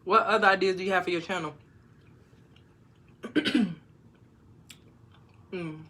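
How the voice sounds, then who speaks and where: A woman on a casual livestream, reading viewer comments aloud and answering them frankly, with sudden loud bursts. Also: on the low side, fairly even intonation, very fast. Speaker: YouTuber answering live chat. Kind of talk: casual live-stream chat.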